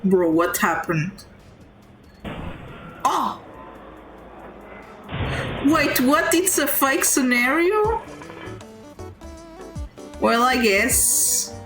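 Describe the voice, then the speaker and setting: A woman's voice: sits high, big pitch swings, extremely slow, long pauses, fairly bright tone, echoey room. A woman streaming live, reacting to a game with gushing slang and talking back to the screen. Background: game music.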